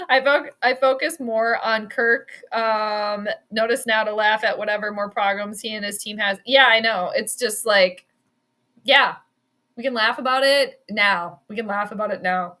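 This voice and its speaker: An adult woman hosts a sports podcast as a casual livestream chat, reading viewer comments and laughing often. Her fairly high voice is bright and forceful, her pace measured, her manner bubbly and chatty.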